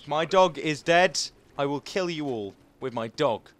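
Animated gamer, higher voice. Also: male voice, measured pace. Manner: swings between frustrated outbursts and muttered asides. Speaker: gaming video host. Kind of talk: live gameplay commentary.

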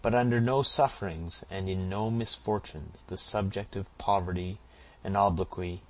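A man reading a classic novel aloud as an audiobook narrator, giving the characters' shouted lines dramatic force. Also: low-pitched, normal speed, rough recording. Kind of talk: scripted narration.

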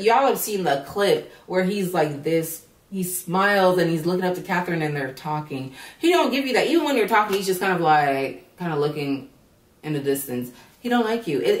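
A woman recapping a reality show in blunt, profane casual commentary, sounding tired and drowsy. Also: fairly low pitch. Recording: roomy echo, voice far from mic.

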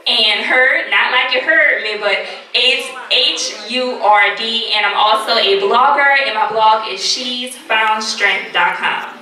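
A woman's voice: fairly high pitch, slow, sharp tone. A woman from New Orleans speaking on a panel, chatty and direct. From New Orleans, Louisiana. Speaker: panelist, hair product reviewer. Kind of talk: panel discussion. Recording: echoey hall, mic far off.

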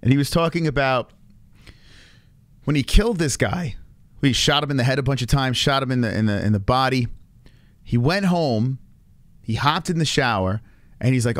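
A man's voice: medium pitch, expressive, moderate pace, long pauses, no room sound. Guy in his 30s chatting on stream, rambly, swears a lot, dry close sound. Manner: rambling,喜 frequent fillers and restarts, swears freely. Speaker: streamer host. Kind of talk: casual livestream chat.

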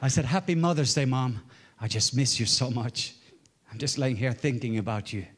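Guy in his 40s preaching, storytelling, gets loud then goes real quiet. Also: medium pitch, moderate pace. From Norway. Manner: storytelling, swinging from loud exclaims to hushed murmurs. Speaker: guest preacher. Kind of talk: sermon.

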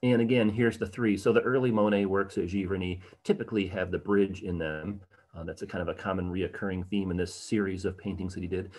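Speaking fairly quickly in a deep, darkish voice with a steady tone, a man leads an art history livestream over slides. He chats with his viewers, often filling pauses with um and uh, and picks up their questions from the chat.

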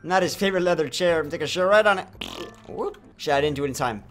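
A young man giving comedic, joking commentary over a video game, often breaking into loud sworn outbursts. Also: fairly high pitch, fast. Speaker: gaming YouTuber.

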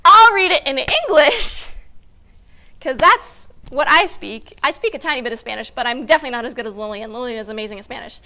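A woman's voice: high-pitched, a little fast, pushed and bright. A woman hosting a children's story time as a family educator, giving upbeat, encouraging instructions and laughing often. She sits on a hard floor wearing a clip-on mic. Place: sitting on a hard floor indoors. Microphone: clip-on mic with wires.

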